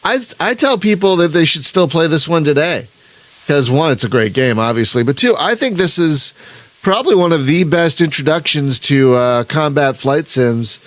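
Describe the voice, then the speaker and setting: A man's voice: fairly high pitch, lively intonation, moderate pace, dry recording. Rambling man narrating his gameplay. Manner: rambling, self-interrupting, chuckling. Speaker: gaming channel host. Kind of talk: live-streamed gameplay commentary.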